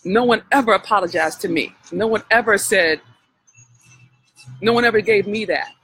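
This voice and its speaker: A woman's voice: mid-range voice, moderate pace, a bit bright, a little hiss or hum, poor audio. A woman coach giving a heartfelt, preacher-like healing talk on a live stream, speaking directly to her listeners. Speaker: spiritual wealth coach.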